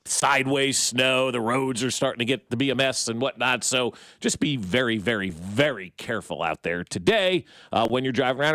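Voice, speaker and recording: A man's voice: lowish voice, a bit bright, no echo, clean studio sound. A man co-hosting a morning sports radio show, chatting in a laid-back, jokey way. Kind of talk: casual sports radio chat.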